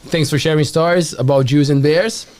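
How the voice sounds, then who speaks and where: A man's voice: a little high, normal speed, a little mellow. A man interviewing in a casual chat, mostly with short reactive remarks.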